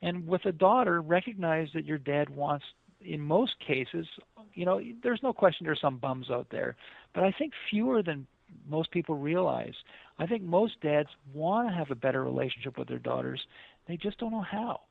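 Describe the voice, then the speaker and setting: A man's voice: on the high side, expressive, moderate pace, vocal fry, no echo. A middle-aged man, a guest on a radio interview, tells a story in an earnest, rambling way with many fillers. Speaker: author and guest. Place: Los Angeles area. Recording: dry tinny phone line.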